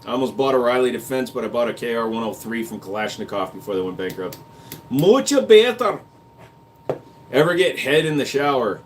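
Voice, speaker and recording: Talking fast with few pauses, a medium-pitched man hosts a livestream where he reads chat comments aloud and trades crude jokes and casual gun talk. Slight background noise is present.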